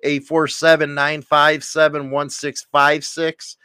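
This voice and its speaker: A man's voice: fairly high pitch, monotone, takes it slowly, clear, resonant tone, no room sound, clean studio sound. A middle-aged man hosting a casual livestream, reading chat comments and ranting bluntly with strong opinions. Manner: blunt, opinionated, rising to loud rants. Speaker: livestream host.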